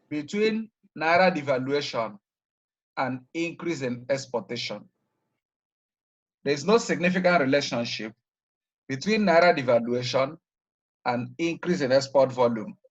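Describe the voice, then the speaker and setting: Guy teaching a class, slightly high voice, keeps going "what?" so students fill it in, muffled lo-fi recording. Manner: prompts students by leaving sentences open with "what?"; repeats key terms slowly and deliberately. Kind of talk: classroom lecture.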